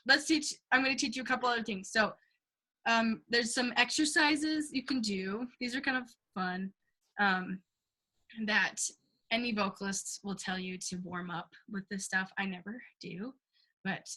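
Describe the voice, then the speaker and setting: A woman's voice: a little high, measured pace, bright, forceful tone. Chatty, giggly young woman teaching singing. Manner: chatty and giggly, many ums and likes, bursts into sung demos. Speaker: singing workshop leader. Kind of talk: casual teaching to a class.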